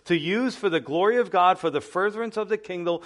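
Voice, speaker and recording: A man preaching a sermon as pastor, impassioned and swinging between hushed and loud passages. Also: sits high, a little fast.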